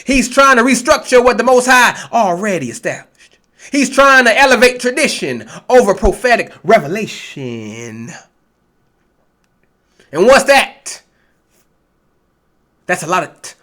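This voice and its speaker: A man's voice: high-pitched, very animated, unhurried, long pauses, bright, forceful tone. A man preaching a blunt, profane, confrontational sermon and reading scripture aloud. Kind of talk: street-style sermon, Bible reading.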